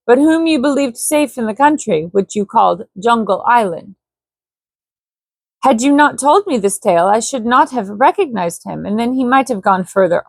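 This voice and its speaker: A woman's voice: medium pitch, no echo. A woman putting on a deferential village chief with a put-on Indian accent. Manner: formal, deferential. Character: native village chief, adult man, cautious and eager.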